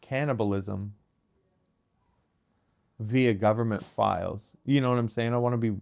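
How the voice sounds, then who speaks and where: A young man co-hosting a casual comedy podcast, joking with a deadpan tone and laughing often. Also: fairly low pitch, normal speed, creaky. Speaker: podcast co-host.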